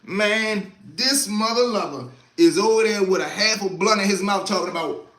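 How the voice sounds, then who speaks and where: A man telling a story on a live stream in a casual, profane, animated way, punctuating with sound effects. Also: sits high, moderate pace, roomy sound.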